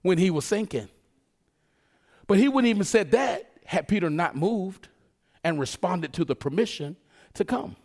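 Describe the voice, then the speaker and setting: A man preaching a sermon in a conversational, joking way, slipping into quick acted asides. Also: high voice, expressive, a little mellow.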